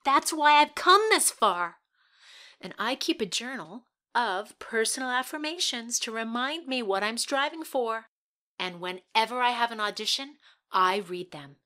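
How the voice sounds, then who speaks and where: A woman's voice: on the high side, animated, a little slow, pushed and bright. A woman playing an eager young actress. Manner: eager, dramatic, swings from whispers to outbursts. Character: hopeful young actress at an audition. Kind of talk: audio play monologue.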